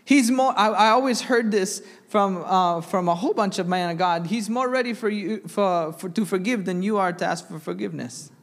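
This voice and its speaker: A man's voice: high-pitched, moderate pace, hardly any pauses, long reverb tail. A young man preaching a sermon in church, reading scripture aloud and asking the congregation questions. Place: church sanctuary.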